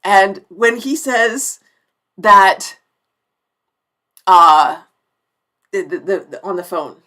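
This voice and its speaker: A woman's voice: mid-range voice, lively intonation, drawn-out words, sharp tone. A woman around forty hosting a live-stream TV review, effusive and chatty, often restarting her sentences mid-thought.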